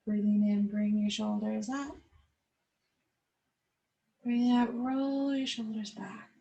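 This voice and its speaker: A woman yoga instructor leading a class over a webcam, giving calm, slow guided instructions. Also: medium pitch, vocal fry, lo-fi sound.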